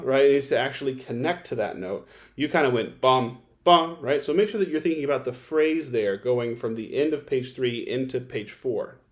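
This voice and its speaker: A man's voice: medium pitch, darkish tone. Man giving methodical violin feedback. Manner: methodical, directive, sings phrases to demonstrate. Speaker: violin teacher. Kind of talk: recorded lesson feedback.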